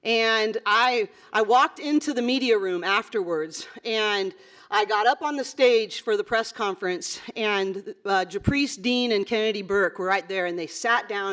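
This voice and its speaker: A woman's voice: medium pitch, normal speed, a bit bright. A middle-aged woman coach giving a motivational conference speech in an earnest, conversational way, with many fillers and asides. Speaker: basketball coach giving a talk. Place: conference hall.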